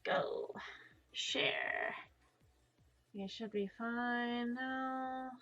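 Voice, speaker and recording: Slow-talking bright young woman streamer. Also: a little high, fairly even intonation, soft background music. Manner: rambling, self-deprecating, swears casually. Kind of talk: casual live-stream chat while drawing. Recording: dull lo-fi stream mic.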